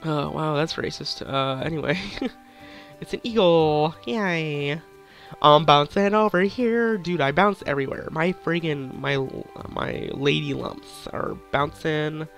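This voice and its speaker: Hyper giggly young man, high voice. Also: slow, vocal fry, fairly bright tone, faint music behind. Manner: hyper, giggly, crude, rambling. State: sore throat. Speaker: gaming YouTuber. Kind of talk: hyper casual gameplay commentary.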